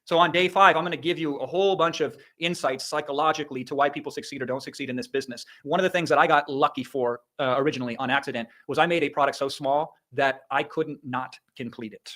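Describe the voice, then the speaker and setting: Middle-aged man from Iowa, online business coach on a livestream; rapid, emphatic, slightly high-pitched delivery. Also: sharp tone. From Iowa, USA. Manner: emphatic, punchy, drops profanity and sound effects. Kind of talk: energetic motivational livestream talk.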